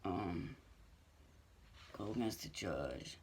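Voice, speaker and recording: A man's voice: lively intonation, very slow, darkish tone, slight background noise. A man in his twenties casually telling a personal story to camera, loose and rambling, with lots of fillers. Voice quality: gravelly low voice with heavy fry.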